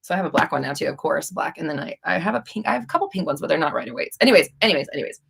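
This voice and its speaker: A woman's voice: low voice, animated, very fast, creaky, a bit bright, breathy edge. A young woman hosting a live stream, chatting casually and rambling with many fillers and restarts.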